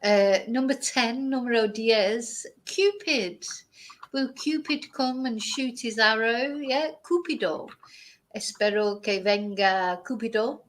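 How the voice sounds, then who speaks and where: A woman leads a bilingual vocabulary lesson at an unhurried pace. She repeats each word slowly and carefully so viewers can copy the pronunciation. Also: on the high side, rough recording. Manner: slow, careful pronunciation drills. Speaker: language teacher.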